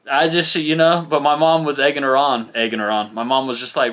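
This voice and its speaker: A young man with a bright, forward voice sits in for casual podcast talk. He spins everyday stories and jumps into the voices of the people in them. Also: mid-range voice, brisk. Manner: animated, acts out dialogue in stories. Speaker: podcast co-host. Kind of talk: casual storytelling chat.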